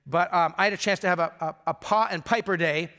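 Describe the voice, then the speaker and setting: An older man, a grandfather and pastor, preaches a sermon in a conversational, storytelling style. His voice sits high and he talks fast, yet he often drops into soft, intimate tones.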